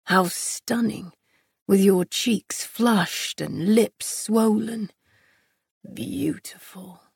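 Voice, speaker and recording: A woman reading an audiobook and voicing a tender, teasing male lover in a low, hushed, gruff tone. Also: fairly even intonation, very slow, no echo, studio quality, heavily acted. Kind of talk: audiobook narration.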